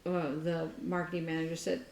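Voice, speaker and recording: A woman's voice: low voice, fairly quick, creaky. Woman telling a story in a roomy room. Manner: animated storyteller, laughs at herself. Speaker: podcast co-host. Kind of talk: casual chat, storytelling. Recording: roomy echo.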